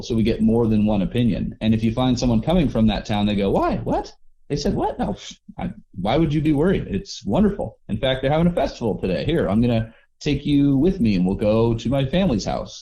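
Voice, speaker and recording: Male guest, easygoing storyteller; lowish, dark, mellow tone. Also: fairly quick. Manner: relaxed, rambling with restarts and acted-out quotes. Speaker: overland traveler guest. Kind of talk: casual storytelling interview.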